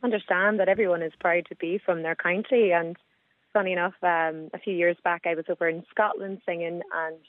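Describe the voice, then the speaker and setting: A woman singer speaking as a radio guest, friendly and pausing with ums. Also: lowish voice, steady tone, no echo. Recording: tinny dry phone line.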